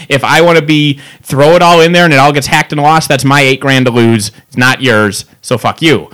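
A man's voice: fairly high pitch, normal speed. A man telling a long angry story in casual chat, ranting and swearing freely. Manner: ranting, profane, animated. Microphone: pop filter.

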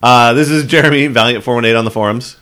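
Male co-host, mid pitch, chatty rules explainer. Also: fast talker, a bit bright. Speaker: podcast co-host. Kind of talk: casual chat.

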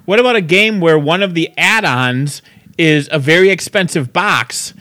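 A man's voice: on the high side, moderate pace, sharp tone. A man co-hosting a podcast, chatting casually with a profane, sarcastic, ranting manner. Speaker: podcast co-host. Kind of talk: casual chat.

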